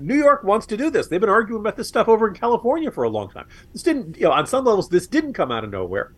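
A man co-hosting a political podcast, talking casually and sarcastically with frequent laughs. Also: fairly high pitch. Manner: animated, sarcastic, laughs often. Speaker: podcast co-host.

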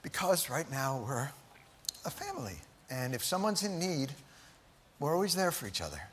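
Male host, bright and forceful, mock-tender. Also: a little high, huge pitch swings, moderate pace, slight background noise. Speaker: comedy host in a sketch.

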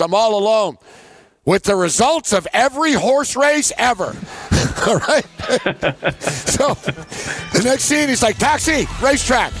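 A man hosting a sports betting talk show, telling stories in a rambling, casual way and laughing often. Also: high-pitched. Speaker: sports betting podcast host. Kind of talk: casual chat.

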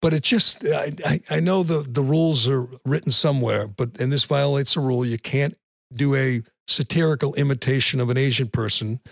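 A man's voice: mid-range voice, brisk, creaky, no room sound, studio quality. A man hosting a podcast, ranting bluntly about sports with frequent restarts. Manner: blunt, ranting, repeats words when starting sentences. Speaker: podcast host. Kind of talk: opinionated sports talk.

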